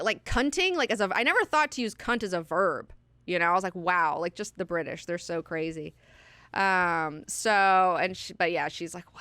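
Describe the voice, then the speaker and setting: A woman's voice: lowish voice, a bit bright, clean tone, no echo. Candid, profane woman lecturing casually. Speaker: host of a book class. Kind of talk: casual lecture with personal asides.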